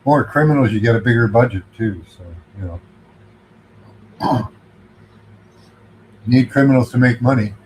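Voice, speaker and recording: A man in casual chat, speaking in a cynical, unhurried way with some hesitation. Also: mid-range voice, darkish tone, slight background noise, poor audio.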